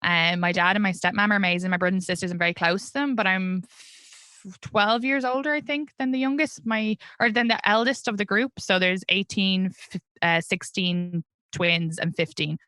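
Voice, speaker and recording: Irish woman, 30s, comedian guest; candid, chatty, bright and punchy tone, dry close sound. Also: medium pitch, normal speed, clean tone, no echo. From Ireland. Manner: chatty, candid, laughs often. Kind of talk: casual interview chat.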